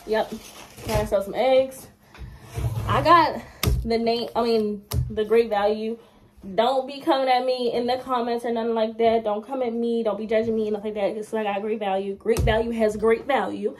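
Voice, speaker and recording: A woman's voice: fairly high pitch, fairly even intonation, moderate pace, a little mellow, slight background noise. A young woman chatting casually to viewers in a vlog, talking straight at the camera. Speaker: vlogger. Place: car and home.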